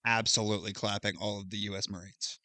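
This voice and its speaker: A man talks through a video game's story for his co-host in a loose, meandering way, circling back and filling pauses as he goes. His voice sits a little low but has a bright, forward edge. The sound is dry and close. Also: little pitch movement, no echo. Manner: loose storytelling recap, thinks aloud with fillers. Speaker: podcast co-host recapping a game. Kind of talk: casual chat.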